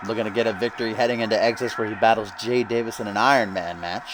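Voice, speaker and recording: A man with a fairly low voice calls wrestling game matches in a loose, joking way. He swears freely and a light hiss of background noise sits under his voice. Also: steady tone, racing. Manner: joking, profane, laughs often. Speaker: host and commentator. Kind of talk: casual let's-play wrestling commentary.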